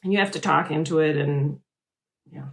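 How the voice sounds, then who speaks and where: Middle-aged woman rambling chattily about her crafts, voice a bit on the low side. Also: normal speed. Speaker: host. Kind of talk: casual chat.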